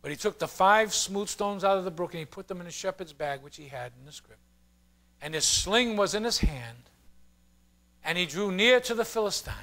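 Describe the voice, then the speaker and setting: A man's voice: high voice, expressive, normal speed, fairly bright tone. A male pastor preaching an emphatic, storytelling sermon.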